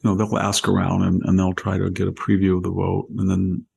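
An older man talks through his views in a long, rambling, conversational flow. His voice is low and gravelly with a husky edge. He speaks as the host of a casual political discussion. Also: brisk. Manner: long rambling explanations with animated quoted voices. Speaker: podcast host, commentator.

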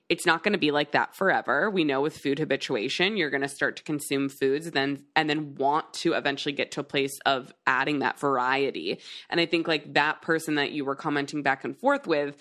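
A woman's voice: sits low, a bit bright. A woman co-hosting a podcast in casual chat, agreeable and affirming, with many "like" fillers. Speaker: podcast co-host.

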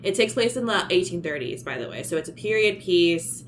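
A chatty woman in her thirties with a Baltimore accent, talking movies on a podcast. Her pitch swings up and down as she rambles, restarts and swears casually. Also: expressive, fairly quick, slight background noise. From Maryland, USA. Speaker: podcast co-host. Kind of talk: casual chat.

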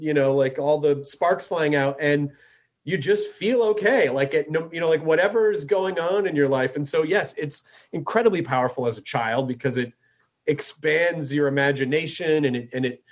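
A man hosting a podcast in a casual, rambling way, full of filler words. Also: fairly high pitch. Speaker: podcast host. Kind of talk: casual chat.

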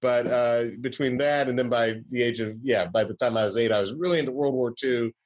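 A man's voice: mid-range voice, a little fast, lo-fi sound. A man from Georgia, a comedy writer, telling stories in a casual interview with many fillers and restarts.

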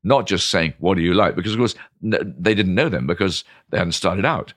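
An older British man, a guest in an interview, telling lively anecdotes full of ums and restarts. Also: sits low, normal speed, dry recording, clean studio sound. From Britain. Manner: animated, lots of ums and restarts. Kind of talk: anecdotal storytelling.

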